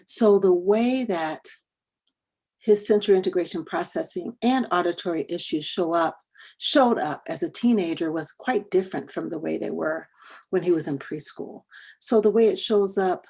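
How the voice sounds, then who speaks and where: A woman's voice: fairly low pitch, darkish tone, husky. A middle-aged woman presenting a workshop, telling a personal story in a conversational way and often repeating words. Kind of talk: storytelling talk to parents and educators.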